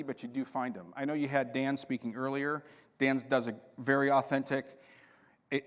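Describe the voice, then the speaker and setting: A man giving a storytelling talk at a conference, acting out voices in his anecdotes. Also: medium pitch. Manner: animated anecdotes with quoted dialogue. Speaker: conference speaker. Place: conference hall. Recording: hall reverb.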